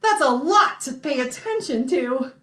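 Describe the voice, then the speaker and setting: Woman, young adult, children's music host, playful, encouraging, unhurried, roomy echo. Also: sits high, lively intonation, sharp tone. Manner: playful, encouraging, laughs often. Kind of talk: playful kids' sing-along show.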